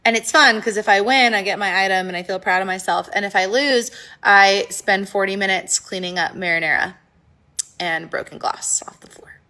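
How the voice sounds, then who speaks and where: A woman with a bright, crisp-edged voice delivers a short comic bit. Her humor is wry and deadpan. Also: medium pitch, normal speed. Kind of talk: comic monologue.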